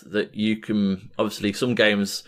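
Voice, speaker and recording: A man's voice: fairly low pitch, flat delivery, unhurried. A man co-hosting a podcast, telling a story casually with plenty of fillers, restarts and swearing. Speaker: podcast co-host. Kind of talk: casual chat.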